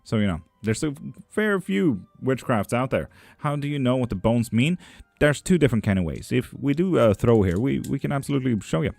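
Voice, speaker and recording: A man's voice: mid-range voice, sing-song, brisk, creaky, a little mellow, dry recording, faint music behind. A man reading tarot and bones on a live stream. He reads viewer questions aloud in a lifted voice, then answers them in a dry, teasing way in casual chat.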